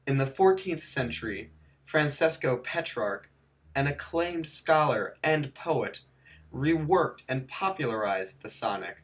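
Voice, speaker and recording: A teacher with a mid-range, slightly bright voice narrates a scripted video lesson. He slowly counts off and spells out each point, slipping in dry jokes and mock self-corrections.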